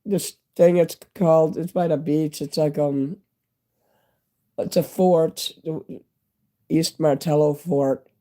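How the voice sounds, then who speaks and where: Hoarse fiftysomething guy on a live stream, stuffy nose, mellow lowish-bright tone, rambling chat. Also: steady tone, takes it slowly, long pauses. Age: 50s. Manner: rambling, candid, talks straight to viewers. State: hoarse, losing his voice.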